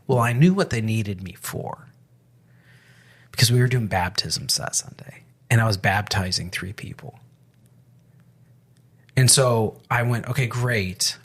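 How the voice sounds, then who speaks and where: A man's voice: lowish voice, moderate pace, husky. A man co-hosting a faith podcast, a pastor telling a story in casual conversation, with frequent restarts. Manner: storytelling with many restarts and quoted dialogue.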